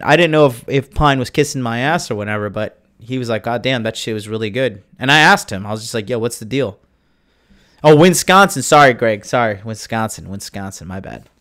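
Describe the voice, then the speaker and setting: A man's voice: medium pitch, a bit bright. A man hosting a casual livestream from his home, reading viewer comments and rambling in a loose, profane, boastful way. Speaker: dating coach and livestream host.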